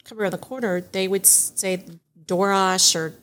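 A middle-aged woman guest on a podcast, telling family stories in an animated way and laughing often. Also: medium pitch, normal speed. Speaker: guest, divorce mediation attorney. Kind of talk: casual podcast storytelling.

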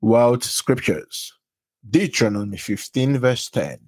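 A man with a husky, low voice reads Bible verses aloud, naming each book and verse before he reads it. His delivery swings widely in pitch and lands with emphasis, and the sound is close and dry. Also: lively intonation, takes it slowly, a little mellow, no room sound. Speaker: scripture reader.

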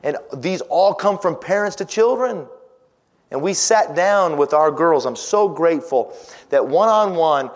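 A man's voice: on the high side, animated, measured pace. Man preaching in a reverberant hall. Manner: dramatic swings from loud emphasis to hushed near-whisper; quotes scripture in old-fashioned wording. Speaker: pastor. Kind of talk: sermon.

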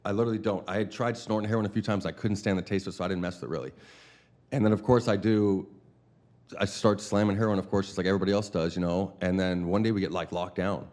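Male host with a low voice; quick, slangy, filler-heavy casual chat. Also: fairly even intonation, darkish tone. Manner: slangy, rapid, full of fillers. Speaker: podcast host.

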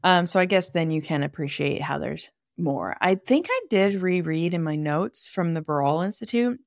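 A low-pitched woman hosts a podcast and walks through anatomy in a loose, conversational way, pausing to think aloud and tossing in asides. Her voice is close and completely dry, with no room sound around it. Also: expressive, vocal fry, no room sound. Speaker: podcast host and manual therapist. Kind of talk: casual educational monologue.

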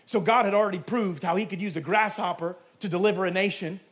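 A man with a notably high voice preaches a sermon from a church. His delivery is animated, and he swings into shouted peaks before dropping back to quieter asides. He acts out short back-and-forth conversations as he goes. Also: fast talker. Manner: animated, builds to shouting climaxes, acts out dialogue. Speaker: pastor.

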